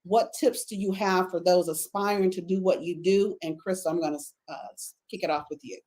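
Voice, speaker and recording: A woman's voice: fairly low pitch, fairly even intonation, fairly quick, a little mellow. Playful woman moderating a panel. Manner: playful, teasing, affirming with short responses. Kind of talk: casual panel conversation.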